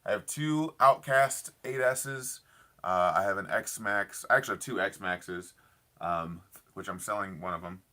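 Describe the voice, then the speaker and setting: A man's voice: lowish voice, a little slow, bright, forceful tone. A young man live streaming from his parked car at night, chatting casually with viewers in an enthusiastic, rambling way full of fillers and repeats. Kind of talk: casual live stream chat reading comments.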